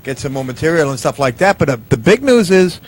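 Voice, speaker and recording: A man's voice: a little high, quick pace. A man hosting a casual comedy talk show, teasing his co-hosts and announcing news. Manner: teasing, lively. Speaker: show host. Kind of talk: casual banter.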